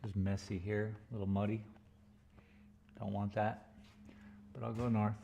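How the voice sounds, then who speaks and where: Low gravelly-voiced man murmuring while painting. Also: flat delivery, mellow, highs cut off. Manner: murmured, unhurried thinking aloud, playful sound effects. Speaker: painter streaming live. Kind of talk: casual talk while painting. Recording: faint background noise.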